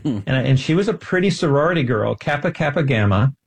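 A man's voice: mid-range voice, lively intonation, a little fast, gravelly, breathy edge. A man speaking as a guest in an interview, earnest and self-deprecating, telling a personal story with enthusiasm. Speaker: guest, scientist.

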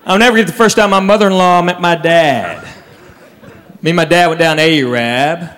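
A man's voice: fairly high pitch, brisk, a bit bright, a faint crowd. A man telling stand-up stories with punchlines and voices for his relatives. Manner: storytelling with punchlines, mimics relatives. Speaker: stand-up comedian. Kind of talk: stand-up comedy routine. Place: comedy club stage with audience. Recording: live stage recording in a reverberant room with audience.

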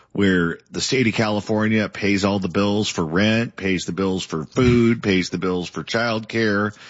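A man's voice: lowish voice, no echo. A man hosting a political interview, who lays out long lists of points before he asks his question. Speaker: interview host. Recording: dull lo-fi sound.

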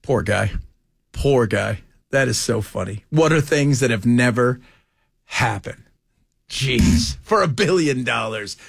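A man's voice: mid-range voice, expressive, a little slow, creaky, slightly rough, dry recording, clean studio sound. A man hosting a talk radio show, bantering and mocking people in put-on voices. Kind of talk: casual banter.

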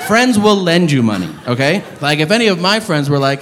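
A man doing stand-up comedy, telling stories in an animated, profane, ranting way. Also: a little high, brisk, big-room sound.

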